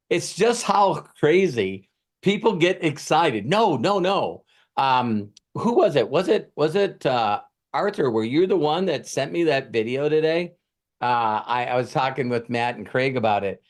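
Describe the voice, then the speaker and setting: A man hosting a group coaching session, an animated storyteller who acts out the quotes. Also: medium pitch, a little slow. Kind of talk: motivational group coaching talk.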